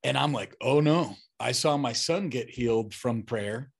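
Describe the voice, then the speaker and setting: A man telling stories in casual conversation, animated and acting out the people he quotes, often chuckling. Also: mid-range voice, a little slow, gravelly, slight background noise. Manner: animated storyteller who acts out quoted voices, chuckles often. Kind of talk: casual storytelling interview.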